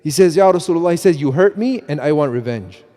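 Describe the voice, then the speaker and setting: Middle-aged guy preaching in a mosque, mellow tone, big hall echo, keeps restarting and repeating himself. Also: on the high side, fast talker. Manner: animated, many restarts and repeats, quotes himself. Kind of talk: mosque talk on parenting. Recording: long hall reverb.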